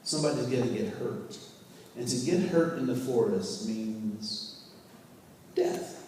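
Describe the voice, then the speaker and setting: A man's voice: medium pitch, slow pace, a little mellow, slight background noise. A man leading a workplace training session, telling stories to a live group and asking them questions. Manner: storytelling, asks the audience questions, acts out scenes. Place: training room with a live audience. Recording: echoey hall, mic far off.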